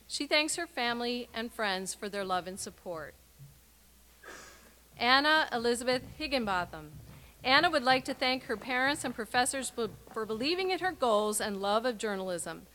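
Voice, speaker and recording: A woman reading out graduates' names and short personal messages at a university graduation ceremony, with clear, measured announcing and emphatic sign-offs. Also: on the high side, bright, forceful tone.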